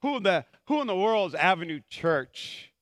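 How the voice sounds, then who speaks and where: Fired-up preaching man, high bright voice. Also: very animated, normal speed, no room sound, clean studio sound. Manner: fired-up preaching that swings from soft to shouted; joking asides to the congregation. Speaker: pastor. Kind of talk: sermon.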